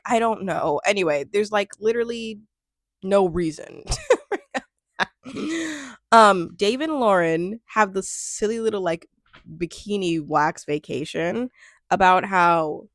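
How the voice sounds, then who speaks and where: Young woman, casual show recap host, chatty and sarcastic, animated pitch, dry close sound. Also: no echo. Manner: chatty, laughs a lot, trails off and restarts, sarcastic asides. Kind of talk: casual chat.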